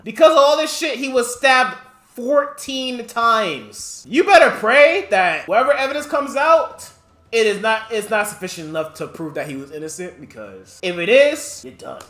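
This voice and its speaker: Animated ranting streamer in a roomy space. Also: medium pitch, a little slow. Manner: animated profane ranting, talks to chat. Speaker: streamer reacting to news. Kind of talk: live reaction commentary. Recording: roomy echo.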